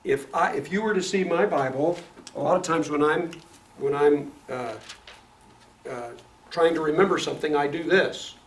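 A man's voice: a little high, moderate pace. Midwestern man teaching a Bible class. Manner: lively, asks the class questions, laughs often. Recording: echoey classroom from far off, noisy.

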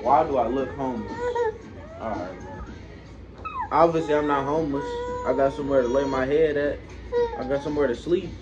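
A man's voice: mid-range voice, a little fast, long pauses. A young man, the boyfriend in a prank, talking casually in an indignant, repetitive, rambling way. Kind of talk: casual chat. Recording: dull lo-fi sound with clear background noise.

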